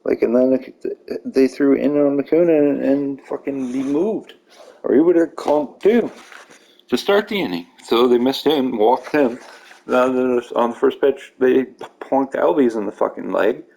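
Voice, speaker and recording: A man talks through a baseball video game in loose, profane commentary. His voice is gravelly and husky at a middling pitch. He rants readily and gets heated over bad calls. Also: measured pace, dark tone, rough recording. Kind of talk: casual gameplay commentary.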